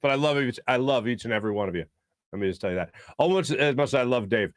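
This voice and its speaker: A man's voice: mid-range voice, expressive, fast, dry recording. A man hosting a sports talk show, chatting casually in a rambling way with lots of fillers. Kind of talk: casual sports radio chat.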